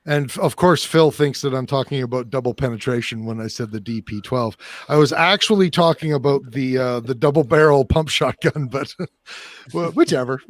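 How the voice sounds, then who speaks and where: A man's voice: mid-range voice, normal speed, dry recording. A man hosting a podcast, chatting casually and joking with frequent laughs. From Canada. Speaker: podcast host. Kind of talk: casual chat.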